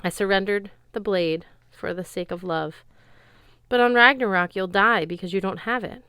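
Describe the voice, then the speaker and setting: A woman voicing a calm, gentle male god speaking formally to his son. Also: mid-range voice, clear, resonant tone, no echo, clean studio sound, natural voice. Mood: solemn. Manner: solemn, measured, formal.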